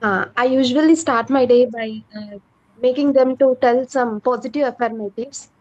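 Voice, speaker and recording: A woman's voice: on the high side, moderate pace, darkish tone. A woman teacher with an Indian English accent, answering politely and hesitantly, with many fillers, in an online speaking class. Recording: dull online call audio.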